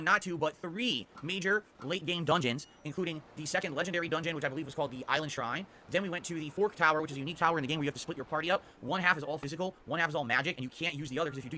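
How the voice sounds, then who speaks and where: A man's voice: fairly high pitch, pushed and bright, slight background noise. A man, a game streamer, casually running through his streaming schedule in an upbeat, rambling way, often tagging sentences with "okay?".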